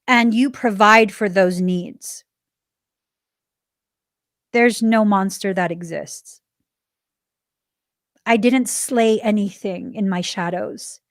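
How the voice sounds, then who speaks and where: A woman in her forties hosting a spiritual self-help podcast, talking earnestly and stressing key words, sometimes dropping to a soft, reflective tone. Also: mid-range voice, no echo, studio quality. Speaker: podcast host.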